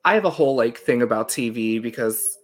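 A woman in her thirties from Long Island hosting an interview podcast, playful and quick to laugh. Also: rumbling low, lively intonation, a little hiss or hum. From Long Island, New York. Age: 30s. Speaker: podcast host. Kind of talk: casual interview chat.

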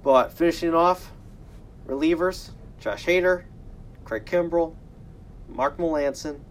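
A man's voice: a little high, unhurried, a little hiss or hum. A man co-hosting a casual sports chat, joking and swearing in playful banter. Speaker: podcast co-host.

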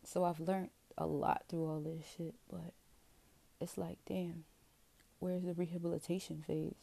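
Woman vlogger, low flat delivery, rambling and profane confessional. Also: measured pace, gravelly. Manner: rambling, profane, self-questioning. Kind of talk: candid confessional monologue.

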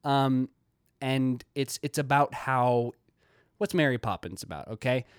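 A young man talks through a casual video essay in a mid-pitched voice. He rambles and restarts often, and it is recorded close in a dry space. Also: measured pace, smooth, dry recording. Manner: rambling, many fillers and restarts.

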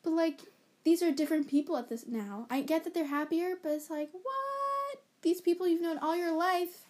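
A woman with a very high, bright-pitched voice chats casually as a podcast co-host. She rambles through a film recap, giggling and tossing in quick asides. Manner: giggly, chatty, rambling retelling.

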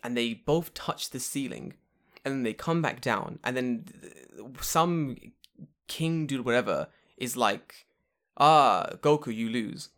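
Excitable, swearing man with a lively voice. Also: medium pitch, a little slow. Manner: excitable and profane, with loud outbursts. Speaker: podcast co-host. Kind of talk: casual chat.

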